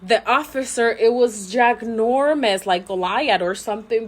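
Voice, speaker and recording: A mother vlogging to camera, telling a story in a chatty, animated way with many fillers and frequent laughter. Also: fairly high pitch, moderate pace, hardly any pauses, noisy background.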